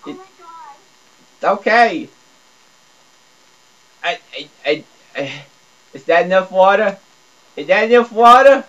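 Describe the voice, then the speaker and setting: Expressive and unhurried, with long pauses and a fairly bright tone, this man does comedic gameplay commentary for his videos, stammering and repeating words in dopey broken grammar. He swings from mumbling low to squealing high on a dull lo-fi recording.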